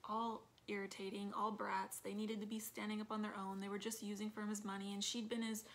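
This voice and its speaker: A woman's voice: mid-range voice, level tone, fairly quick, fairly bright tone, a little hiss or hum. A woman chatting casually in a movie review, retelling scenes with acted quotes and lots of fillers.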